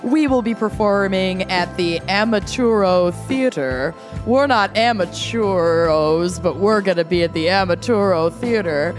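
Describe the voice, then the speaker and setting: A playful woman co-hosting a true crime podcast, her pitch sitting in an ordinary middle range. She reads out live show dates and cracks jokes in a loose, casual chat, with music playing clearly underneath. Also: measured pace. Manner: playful, jokey. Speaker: podcast co-host.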